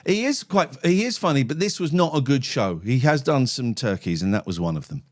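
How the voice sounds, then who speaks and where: A man's voice: medium pitch, lively intonation, brisk. A man hosting a phone-in show, chatting casually with callers in a blunt, sweary, sardonic way. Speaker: phone-in host. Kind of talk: casual live-stream chat.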